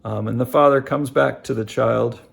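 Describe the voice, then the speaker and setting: Gravelly, earnest middle-aged man. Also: medium pitch, steady tone. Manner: halting, many fillers and restarts; earnest, addresses viewers directly. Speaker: family life vlogger. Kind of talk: casual reflective monologue.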